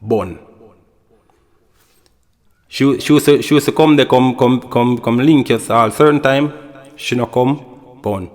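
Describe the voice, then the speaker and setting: A man with a Jamaican accent tells a loose, wandering story in the studio, leaning again and again on the same little tag phrases. His voice sits at an ordinary middle pitch, and the recording carries a long, hanging reverb behind every word. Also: a little slow, long pauses. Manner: rambling, repeats "you know" and "you see me". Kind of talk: casual anecdote telling.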